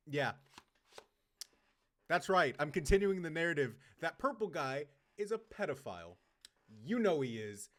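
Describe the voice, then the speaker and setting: A young man reacting to a horror game, loud and excitable, swearing and stammering through restarts. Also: a little high. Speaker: gaming reaction host.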